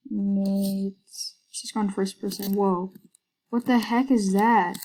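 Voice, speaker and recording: A woman's voice: mid-range voice, steady tone, takes it slowly, mellow, rough recording. A woman giving hesitant, casual commentary while playing a video game, full of fillers and whispered asides. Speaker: gaming video creator.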